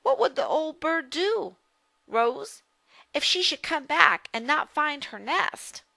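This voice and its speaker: A sensible young boy who speaks calmly and warns gently, read by a woman in her own slightly raised voice. His tone is bright and unhurried in a storybook reading. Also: high voice, vocal fry, dry recording, pitched above the performer's own voice, heavily acted. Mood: cautious.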